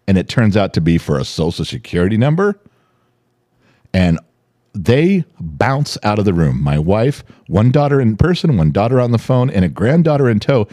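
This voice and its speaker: A man's voice: on the low side, sing-song, moderate pace, mellow, no echo. A middle-aged man co-hosting a podcast, chatting casually and explaining things with little asides. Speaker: podcast co-host.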